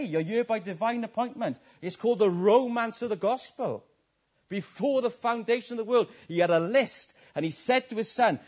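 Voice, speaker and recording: A man preaches a passionate sermon, his darkish voice swelling and dropping in both pitch and volume. The recording has a lo-fi sound.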